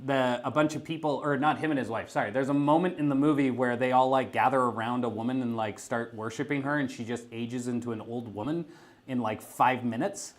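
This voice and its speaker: A man's voice: mid-range voice, fairly even intonation, fairly quick. A man chatting casually on a painting livestream, rambling through a story with lots of "like". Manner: rambling storyteller, heavy use of "like". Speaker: guest painter. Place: gaming store.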